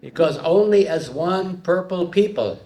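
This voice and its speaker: A man's voice: sits high, expressive, unhurried, noisy background. A man performing a live stand-up comedy set, delivering puns to an audience in a hall. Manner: punning, playful delivery with audience laughter.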